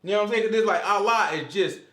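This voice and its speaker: A man leading a casual Bible study discussion, talking in an animated, joking, conversational way. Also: high-pitched, very fast, echoey room.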